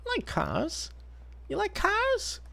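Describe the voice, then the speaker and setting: A woman's voice: huge pitch swings, slow pace, creaky, a bit bright, heavily acted. A woman putting on an exaggerated impression of a chatty male talk-show host who keeps repeating himself about cars. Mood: goofy. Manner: squeaky, repetitive, car-obsessed.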